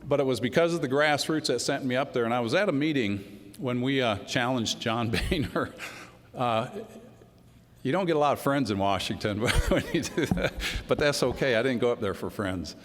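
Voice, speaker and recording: Folksy congressman, middle-aged, mid-pitched, off-the-cuff speech with long hall echo. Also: lively intonation, normal speed. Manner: folksy, storytelling, says y'all. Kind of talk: unscripted political speech. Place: large hall before a crowd. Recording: hall reverb with crowd.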